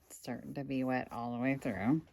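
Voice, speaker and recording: A woman's voice: rumbling low, steady tone, fairly quick, vocal fry, a little mellow, slight background noise. A woman reselling goods online, casually thinking aloud at home with wry asides to her viewers. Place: indoors at home.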